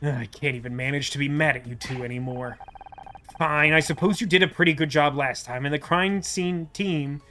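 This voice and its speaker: A man voicing a gruff, weary male police detective who grumbles in an exasperated way, lower and quieter than his own voice. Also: fairly even intonation, normal speed, soft background music. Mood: grudging.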